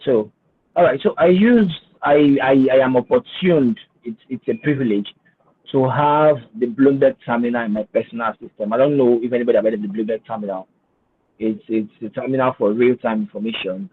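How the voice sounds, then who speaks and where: A man speaking as a finance guest on a webinar, hesitant and repeating words, then explaining with emphasis. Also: medium pitch. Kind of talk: webinar talk with screen share. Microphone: video call. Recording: husky voice over a tinny phone-like line.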